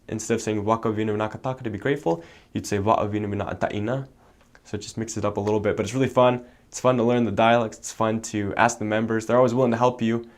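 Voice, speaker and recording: A young man from the United States, a returned missionary, explaining a language in a relaxed way with many fillers. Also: lowish voice. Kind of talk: casual explanation.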